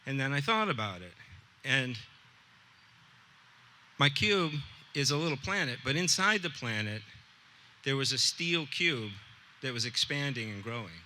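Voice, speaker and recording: Bright-voiced man telling a story. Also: mid-range voice, animated, a little slow, pauses often, a little hiss or hum. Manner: conversational, acts out dialogue with voices. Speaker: art teacher telling a personal story. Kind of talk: live storytelling talk.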